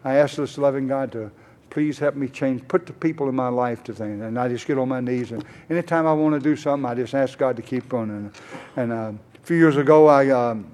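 A man's voice: medium pitch, fairly quick, a little mellow. An older man speaking at a conference, telling a rambling, folksy personal testimony full of "uh"s and acted-out conversations. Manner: rambling, folksy, many "uh"s, acts out both sides of conversations. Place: conference hall.

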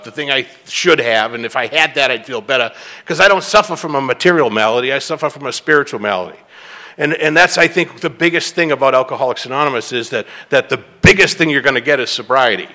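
Man, middle-aged, from the Boston area, recovery meeting speaker, rambling storyteller, bright tense tone. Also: mid-range voice, long reverb tail. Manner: rambling, self-mocking storyteller with restarts. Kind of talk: personal testimony talk.

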